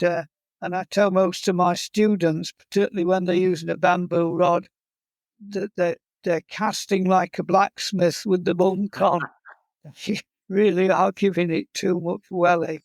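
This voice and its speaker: Man, fly casting instructor. Slow, drawn-out delivery, humorous storyteller, fairly high pitch. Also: dry recording. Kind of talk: casual interview chat.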